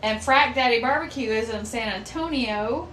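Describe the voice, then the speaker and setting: A woman's voice: a little high, moderate pace. Woman reading comments in an echoey room. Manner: relaxed, reads out comments. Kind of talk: casual livestream chat. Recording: roomy with clear noise.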